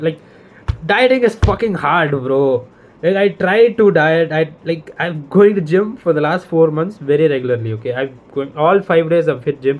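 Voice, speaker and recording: Young man ranting, fairly high voice. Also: narrow, tinny audio, slight background noise. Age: young adult. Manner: rambling, profane, exasperated. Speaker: vlogger. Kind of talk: casual rant to camera.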